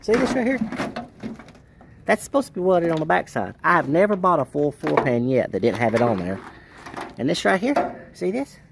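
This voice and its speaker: A man's voice: a little high, sing-song, moderate pace, vocal fry, long pauses, noisy background. A man, a car restorer, ranting in a frustrated way about bad parts in his garage workshop.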